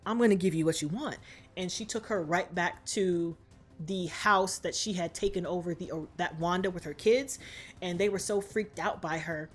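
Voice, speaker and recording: A woman's voice: lowish voice, normal speed, soft background music. A woman vlogger giving a comic movie recap in slangy, profane talk.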